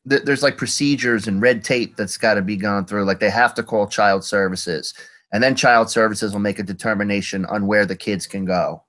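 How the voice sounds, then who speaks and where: A man's voice: lowish voice, steady tone, moderate pace, a bit bright, low-quality recording. A man co-hosting in a casual chat, laid-back and explaining things plainly.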